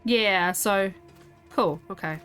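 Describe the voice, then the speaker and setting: A young woman streams a game, sleepy and yawning as she chats casually with her viewers. Her voice is medium-pitched, slow and a bit bright, with faint music behind. She's chatty and rambling, talking to chat during casual gameplay.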